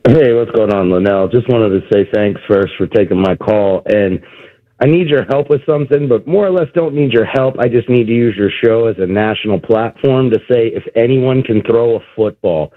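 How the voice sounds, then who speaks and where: A man's voice: fairly low pitch, normal speed, no echo. A man calling in to a sports radio show and speaking in a wry, articulate way. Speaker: caller. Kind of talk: call-in on a phone line. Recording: tinny dry phone line.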